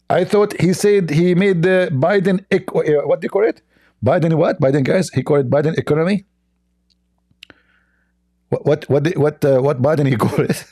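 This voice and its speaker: A man's voice: on the high side, moderate pace, dark tone. A man giving sarcastic reaction commentary on clips, mocking and scornful, rambling with broken grammar.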